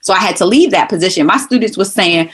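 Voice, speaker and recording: A woman from Brooklyn, New York, with a New York accent, talking as a podcast guest in an emphatic, animated way and often acting out quoted voices. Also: medium pitch, quick pace, slightly rough. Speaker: guest, former college instructor. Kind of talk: casual interview chat.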